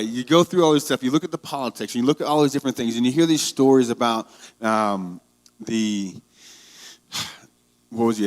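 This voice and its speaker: A male pastor preaching a conversational sermon, telling stories and growing heated. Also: fairly low pitch. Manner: conversational storytelling, grows heated.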